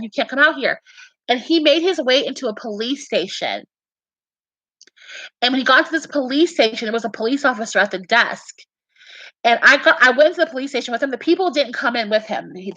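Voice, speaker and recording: Speaking fast with a sharp, expressive tone and a slightly high pitch, this female fan casually lays out her beliefs and dreams, emphatic and earnest, often repeating phrases and starting sentences over. There's no echo, but the audio quality is poor.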